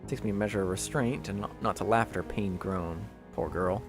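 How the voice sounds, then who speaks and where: A man reading a visual novel aloud as its narrator, expressive and chatty, breaking off into jokey asides. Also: fairly low pitch, a little fast, few pauses, faint music behind. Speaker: visual novel reader, channel host.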